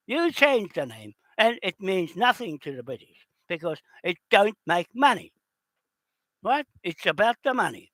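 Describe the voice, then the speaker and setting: A man in an unscripted rant, heated and accusatory, swearing and often shouting. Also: high voice, sing-song, measured pace, no echo. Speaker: video host.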